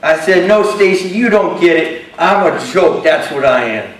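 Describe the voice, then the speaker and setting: An actor playing a shy, self-doubting young man with a disability, telling his story haltingly and earnestly in a stage monologue. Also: on the high side, lively intonation, a little hiss or hum, lightly acted. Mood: frustrated. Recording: roomy hall from a distance.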